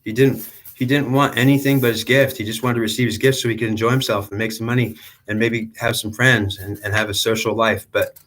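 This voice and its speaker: A man's voice: medium pitch, fairly even intonation, fairly quick, fairly bright tone. A man giving a rambling, repetitive spiritual monologue as a channeler, with frequent restarts.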